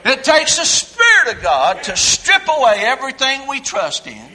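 Male preacher, high and forceful voice, folksy animated sermon, loud to hushed swings. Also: normal speed, poor audio.

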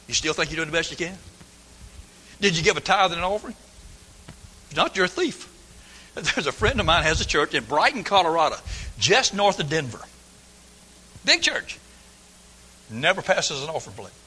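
A man's voice: on the high side, sing-song, normal speed, long pauses, bright, forceful tone, husky. A man preaching a folksy, emphatic sermon, sometimes mimicking his listeners' excuses. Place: church sanctuary. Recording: long hall reverb.

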